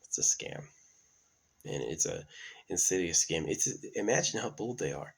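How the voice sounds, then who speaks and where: A man with a deep, gravelly voice who drifts from thought to thought, full of ums and half-started sentences. His tone is husky and rough at the edges. He sounds like someone thinking out loud on his own channel. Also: lively intonation, normal speed. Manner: meandering, many fillers and restarts. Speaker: channel host. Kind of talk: casual rambling monologue.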